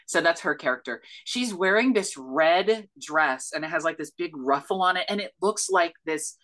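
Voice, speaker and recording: A woman's voice: lowish voice, expressive, moderate pace, fairly bright tone. A woman co-hosting a movie review podcast, talking in an enthusiastic, rambling way full of fillers. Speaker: podcast co-host. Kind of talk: casual movie review chat.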